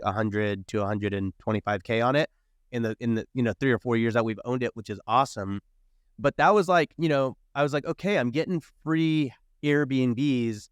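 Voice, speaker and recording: Animated storytelling man, smooth voice. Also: medium pitch, no echo, clean studio sound. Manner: animated storyteller, acts out quoted dialogue. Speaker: podcast guest, real estate investor. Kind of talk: casual storytelling interview.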